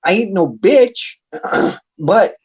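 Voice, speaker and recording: A man's voice: high voice, big pitch swings, drawn-out words, breathy edge, muffled recording. A man hosting a battle rap league stream, ranting angrily and profanely as he calls someone out. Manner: angry, profane, calling someone out. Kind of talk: heated livestream rant.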